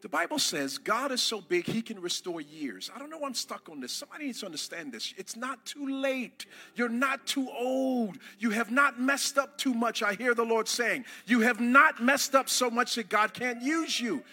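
A man preaching a sermon to a church congregation, impassioned, rising to shouts and calling on the crowd to answer. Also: very high-pitched, expressive, moderate pace, few pauses, husky, faint music behind. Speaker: pastor.

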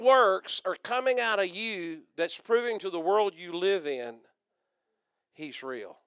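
An older man preaching a sermon, rousing and loud, calling out to the congregation. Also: sits high, animated, takes it slowly, clear, resonant tone, no room sound, studio quality. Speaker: pastor.

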